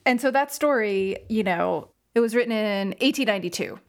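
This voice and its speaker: A woman's voice: medium pitch, animated. A young woman co-hosting a casual film podcast, chatty with lots of fillers. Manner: chatty, many fillers, reads a passage aloud slowly. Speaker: podcast co-host.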